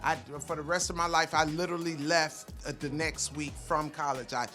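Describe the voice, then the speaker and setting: A woman comedian being interviewed, who tells animated, profane stories and acts out the voices of other people. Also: low-pitched, brisk, soft background music. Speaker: comedian, guest. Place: festival content studio.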